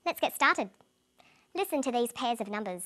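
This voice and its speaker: A woman presenting an English lesson in clear, deliberate scripted narration, slowing down on example words. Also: a little high, lively intonation, sharp tone.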